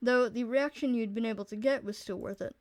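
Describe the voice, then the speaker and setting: A young woman streamer narrating a visual novel aloud, blunt and quick to swear. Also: fairly high pitch, no room sound.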